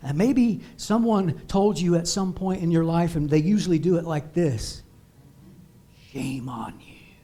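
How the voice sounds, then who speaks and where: A man's voice: high voice, normal speed, few pauses, mellow. A man preaching as pastor in a church, building emphatic repeated declarations. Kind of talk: sermon. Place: church sanctuary.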